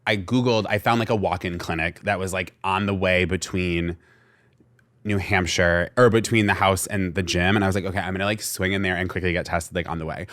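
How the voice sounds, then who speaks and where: A young man from Vermont, co-hosting a podcast, tells a story in a casual, animated way and acts out the people in it. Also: low-pitched, brisk. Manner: animated storyteller acting out quoted voices, lots of "like". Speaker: podcast co-host.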